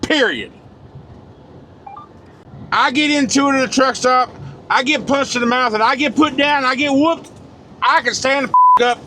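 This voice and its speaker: A truck driver vlogger in his forties, blunt, profane and fired-up, delivers a casual ranting monologue straight to the camera in a high-pitched voice, talking a little fast and swearing freely. Loud road noise from the moving truck cab runs beneath everything he says.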